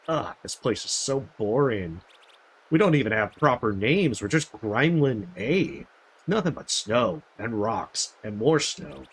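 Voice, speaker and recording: A man's voice: lowish voice, breathy edge, heavily acted. A man voicing grumbling gremlin guards who bicker on a cold night watch in a game. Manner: whiny, bickering.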